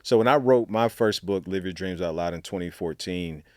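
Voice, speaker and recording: With a deep voice and a moderate pace, this Alabama-born, middle-aged author and storytelling coach chats his way through stories as an interview guest. He leans on plenty of fillers and performs the quotes he tells. The recording is dry and of studio quality.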